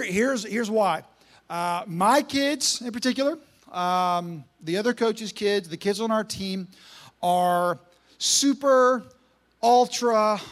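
A man preaching a sermon, telling a story with energy, humor and repeated emphasis. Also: high-pitched. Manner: energetic, joking, repetitive emphasis.

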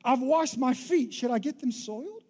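A sarcastic, fed-up ancient queen turns away her husband from her bed, as a preacher voices her. The tone is mellow and a little raised. She sounds tired of him. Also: high-pitched, expressive, normal speed, in a large hall.

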